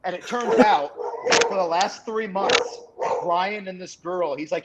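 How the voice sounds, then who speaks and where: A young man telling an animated story on a casual podcast, acting out the quotes of the people in it. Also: high-pitched, a little slow, very noisy. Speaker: guest, wrestling announcer.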